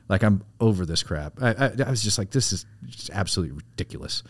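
A man's voice: on the low side, animated, quick pace, no echo, studio quality. A man co-hosting a casual podcast, rambling and profane, with lots of "like" and "you know". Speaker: podcast co-host, military veteran. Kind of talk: casual storytelling.

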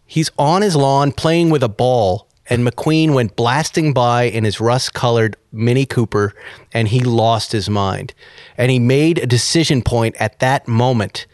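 A man in the middle of a casual podcast chat, spinning an animated anecdote and slipping into the voices of the people he met. His voice sits at an ordinary pitch and is recorded close and dry, with no room sound around it. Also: unhurried, no echo. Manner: animated anecdote-telling, acts out dialogue and beeps. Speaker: podcast host. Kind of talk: casual storytelling.

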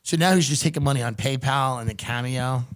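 A man hosting a podcast in loose, joking banter. His voice sits at an everyday middle pitch, and he slips into mocking quoted voices now and then. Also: fairly quick. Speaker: podcast host.

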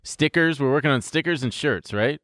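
A man's voice: a little high, normal speed, fairly bright tone, no room sound, clean studio sound. A man co-hosting a podcast in loose, profane, joking banter. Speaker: podcast co-host. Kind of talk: casual chat.

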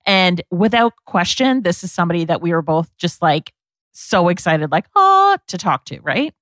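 A woman's voice: on the low side, moderate pace, dry recording. A woman co-hosting a beauty podcast, chatting enthusiastically in a casual way. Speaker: podcast co-host.

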